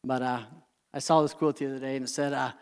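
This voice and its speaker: A man's voice: mid-range voice, flat delivery, quick pace, smooth. Earnest man speaking in a reverberant hall. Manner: earnest, keeps checking in with the audience; heartfelt personal storytelling. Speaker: motivational speaker. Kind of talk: motivational talk to a live audience.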